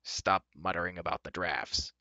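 A man's voice: low-pitched, fairly even intonation, moderate pace, creaky, bright, forceful tone, no echo, pitched below the performer's own voice, exaggerated voice. Man reading brusque dwarf, bossy, scolding, storybook.

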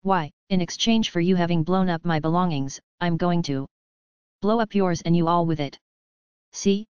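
A storyteller doing a brutish gangster boss who growls his threats, the voice very smooth and clean. It sits dry and a little dull, as from a close home recording of a storybook. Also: mid-range voice, normal speed, darkish tone, no room sound, lightly acted. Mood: threatening. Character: menacing gangster boss, huge brutish man.

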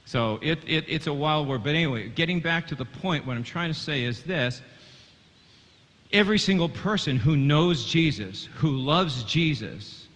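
A man teaching scripture to a congregation with a bright, forceful voice, pausing on stacked fillers and restarts. His words trail off into a long hall reverb, as if heard across a church sanctuary. He calls on the listeners to follow and repeat after him. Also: on the high side, animated. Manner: earnest, stumbling on fillers and restarts; addresses a congregation, asks them to repeat. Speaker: Bible teacher. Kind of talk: sermon teaching.

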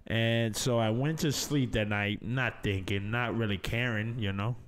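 A man's voice: on the low side, fairly even intonation, measured pace, slight background noise. A man hosting a podcast in casual chat, laid-back and swearing freely, calling people baby and man. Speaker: podcast host.

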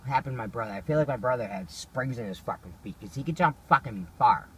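A man's voice: mid-range voice, animated, fast talker, breathy edge. A man casually telling rambling, profanity-laced stories to a friend. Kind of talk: casual storytelling.

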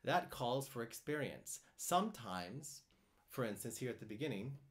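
Rambling, animated man answering viewer questions. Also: medium pitch, normal speed. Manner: rambling, repeats words, reads out comments and greets viewers. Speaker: cello teacher hosting a live stream. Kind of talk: casual live-stream chat answering viewer questions. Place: home in France.

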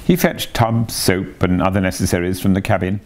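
A man reading a classic children's book aloud in an animated, expressive way. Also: low-pitched, brisk. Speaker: storyteller.

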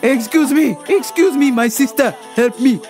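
A woman voicing a pushy, insistent female store customer who talks loudly and keeps repeating herself. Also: sits high, normal speed, faint music behind, pitched above the performer's own voice, lightly acted. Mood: pleading.

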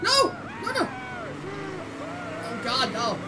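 A woman from Canada hosting a gaming channel, giving excitable let's-play commentary with squeals, shouts and laughter. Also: high voice, takes it slowly, over a noisy crowd. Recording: distant mic with loud game noise.

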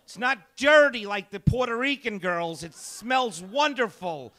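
A doting parent pours out syrupy, exaggerated praise in a raised, bright voice, as a male comedian puts it on in his act. The delivery is loud and sing-song, full of sugary fawning. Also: high voice, animated, measured pace, pitched above the performer's own voice, full character voice. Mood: gushing. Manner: syrupy, over-the-top praise. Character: doting parent gushing to a pampered daughter.

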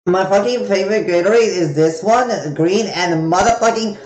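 A man streaming a game live, loud and profane, switching between screaming and laughing. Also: high voice, moderate pace. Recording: roomy, noisy stream audio.

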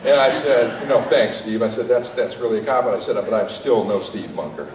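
A man, a saxophone player, telling an animated tribute story at a live awards event with many fillers. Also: lowish voice, brisk, crowd noise. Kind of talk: storytelling speech. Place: live music event stage. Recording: roomy hall from far off.

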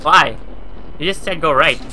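This let's play gamer, a twentysomething from New Jersey, sits at his home gaming PC commenting through a horror game. He swears constantly and yelps when startled. His voice is fairly high and sharp, unhurried, over a little background noise.

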